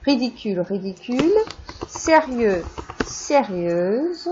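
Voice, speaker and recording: A woman teaching a French class in a recorded lesson, drawing out words slowly for pronunciation drills and adding casual asides. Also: on the high side, very animated, dark tone, dull audio, a little hiss or hum.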